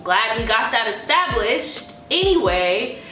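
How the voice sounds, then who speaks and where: A young woman vlogger telling a story in a casual, profane, animated way. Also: on the high side, slow pace. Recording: echoey room, faint music.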